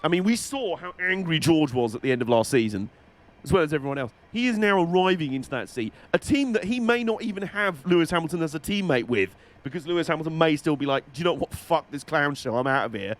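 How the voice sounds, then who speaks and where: A young man with a fairly high, expressive voice talks quickly as he streams a game. He chats casually with viewers, swearing freely and dropping dry jokes.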